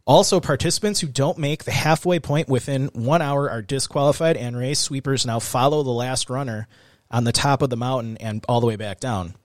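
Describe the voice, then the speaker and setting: A man's voice: medium pitch, fairly quick, dry recording, studio quality. A man hosting a casual true-crime podcast late at night, reading quotes aloud and then chatting loosely. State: tired, recording late at night. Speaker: podcast host.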